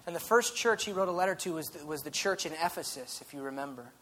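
A man preaching a sermon in an earnest, conversational way, dropping soft and then rising loud. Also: a little high, fast talker. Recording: faint background noise.

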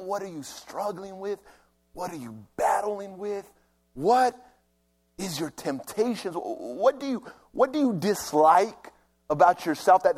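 A male preacher delivering a sermon, swinging from near-whispers to loud emphasis and building repetitive lists. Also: sits high.

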